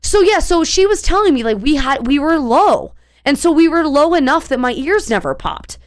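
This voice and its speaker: A woman's voice: high-pitched, expressive, normal speed. A young woman streamer telling a long story in a casual, rambling way, full of fillers and restarts.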